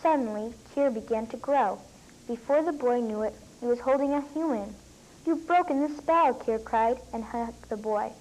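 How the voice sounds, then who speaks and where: A young girl reading her own story aloud, with lifted pitch on the quoted lines. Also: normal speed, warm tone, a little hiss or hum, poor audio.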